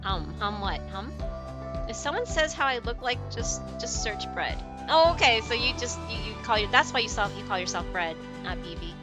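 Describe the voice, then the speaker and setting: A chatty woman streamer with a somewhat high voice rambles through stories and viewer messages, laughing often. Game music plays clearly behind her. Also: animated, normal speed. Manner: chatty, giggly, tells anecdotes. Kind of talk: casual chat with stream viewers.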